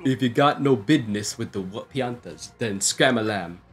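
A man voicing a menacing male mob boss in a video game, with a slow, loud gangster growl in an odd mock accent. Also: mid-range voice, soft background music, natural voice. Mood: threatening.

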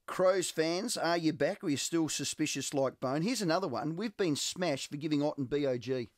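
A man with an Australian accent, co-hosting a sports radio show in lively, teasing banter. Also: on the high side, normal speed, no echo, studio quality. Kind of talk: casual radio sports chat.

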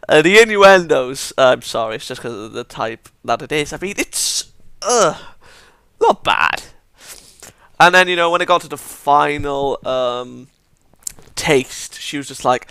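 A man's voice: medium pitch, moderate pace, a bit bright, clear, resonant tone, no room sound. A man chatting casually through an anime review, rambling and acting out characters' lines as he retells scenes.

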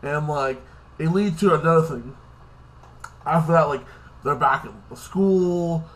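A man's voice: a little high, measured pace. A man casually recapping a TV episode in a rambling way, tacking "like this" and "like that" onto his sentences and swearing now and then. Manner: rambling, fills with "like this" and "like that". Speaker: TV episode reviewer.

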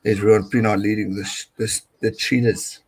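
A man's voice: on the low side, little pitch movement, moderate pace, breathy edge, rough recording. A young South African man with a South African accent, hosting a casual live stream, giving chatty rugby commentary, reading viewer comments, and dropping Afrikaans phrases.

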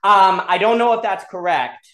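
A host of an online discussion works through an idea out loud, hedging at every turn and circling back in fast repeated loops. The voice sits at a middle pitch. The call audio has a roomy echo around it. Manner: thinks aloud, hedges often, builds ideas in rapid repetitive loops. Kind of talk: casual philosophical discussion online. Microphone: video call.

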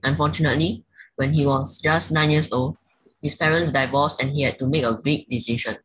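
Casting: student reading aloud, hesitant, husky and very dry close sound. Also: mid-range voice, steady tone, a bit bright, no echo, rough recording. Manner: halting, self-correcting.

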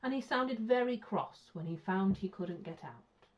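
A woman's voice: mid-range voice, expressive, unhurried, lightly acted. A woman doing a polite earnest young bear. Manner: earnest, patient explaining. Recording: muffled lo-fi sound.

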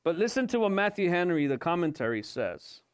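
A man's voice: sits high, very animated, a little fast, smooth. A male pastor giving an evening sermon, asking rhetorical questions and repeating his points for emphasis. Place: church service.

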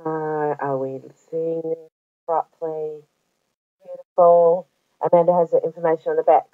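A woman's voice: lowish voice, no echo. Australian woman, forties, chatty craft vlog, dry close sound. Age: 40s. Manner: rambling, chatty, gushing, with many ums and restarts. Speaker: craft vlogger. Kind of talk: casual show-and-tell chat. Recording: dry tinny phone-like audio.

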